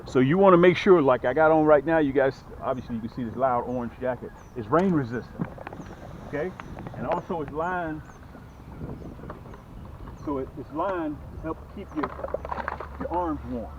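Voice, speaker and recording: A man hosting a fishing vlog from a boat outdoors, chatty and excited, talking straight to his viewers. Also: fairly high pitch, moderate pace, pauses often. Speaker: fishing channel host. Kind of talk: casual fishing vlog commentary. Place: on a small boat outdoors on a lake. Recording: dull lo-fi outdoor audio with faint noise.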